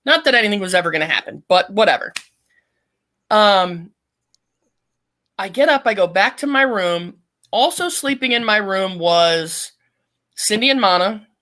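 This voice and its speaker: A middle-aged woman, a podcast guest, telling a long story in a blunt, profane and animated way. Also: mid-range voice, normal speed, pauses often. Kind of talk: casual storytelling.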